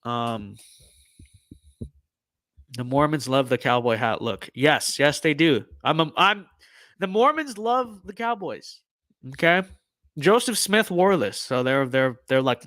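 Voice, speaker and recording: A man's voice: mid-range voice, expressive, slow pace, pauses often, fairly bright tone, no echo, clean studio sound. A young man giving casual gameplay commentary on a stream, full of ironic mock-political bluster and repeated catchphrases.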